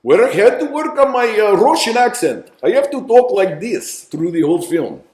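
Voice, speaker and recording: A man's voice: high voice, very animated, moderate pace, a little mellow, pitched above the performer's own voice. A man voicing a male film character with an exaggerated put-on Russian accent. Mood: mock-dramatic. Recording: roomy echo.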